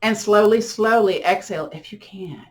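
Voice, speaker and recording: Calm woman guiding slow breathing. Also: mid-range voice, very noisy. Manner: slow, soothing cues with counted breaths. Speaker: yoga and tai chi instructor. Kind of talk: guided breathing and body-scan meditation.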